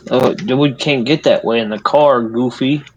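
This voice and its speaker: A man's voice: mid-range voice, normal speed. Easygoing man on a muffled game mic. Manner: easygoing, directs the action. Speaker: gaming teammate. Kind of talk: casual gaming chat.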